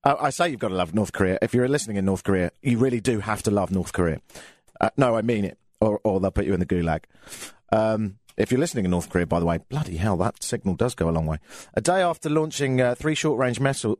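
A man's voice: fairly low pitch, darkish tone, dry recording, clean studio sound. An English man hosting a live radio show, chatting casually with a sardonic, jokey tone and lots of fillers. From England. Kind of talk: casual comedic radio monologue.

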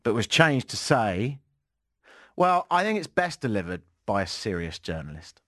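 A man's voice: on the low side, sing-song, moderate pace, pushed and bright, slight background noise. A British man hosting a casual talk radio show, joking and sarcastic, laughing often. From Britain. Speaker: radio host. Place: radio studio.

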